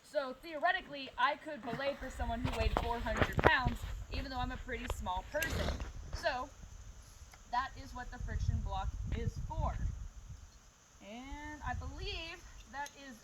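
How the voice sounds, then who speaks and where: A woman's voice: high voice, measured pace, heavy background noise. A woman instructing a group outdoors on belaying, explaining things plainly and step by step. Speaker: climbing instructor. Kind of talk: outdoor safety demonstration.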